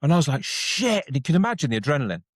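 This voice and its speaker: A man co-hosting a podcast, telling a personal story in a lively way and acting out the voices in it. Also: medium pitch, very fast, no room sound, clean studio sound. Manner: animated storyteller, acts out quotes. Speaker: podcast co-host. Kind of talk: casual storytelling chat.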